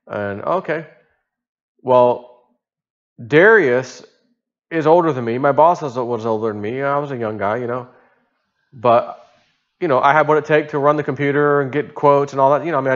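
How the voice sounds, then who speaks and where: A man's voice: medium pitch, highs cut off. A man telling a personal story in a casual monologue, rambling, chuckling and swearing offhandedly. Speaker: vlogger.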